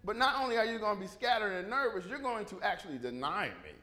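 A man playing a calm, patient male teacher who gently and repeatedly warns a follower. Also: high-pitched, quick pace. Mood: warning.

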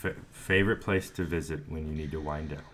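A man's voice: a bass voice, steady tone, brisk, fairly bright tone, a little hiss or hum. A man co-hosting a podcast in casual chat, breezily moving the talk from topic to topic. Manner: breezy, steers the segments along. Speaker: podcast co-host.

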